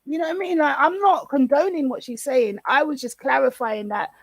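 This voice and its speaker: A woman calling in as a guest on a live stream, chatting in a relaxed, agreeable way. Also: high voice, a little fast, gravelly, dry recording. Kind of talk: casual live-stream chat.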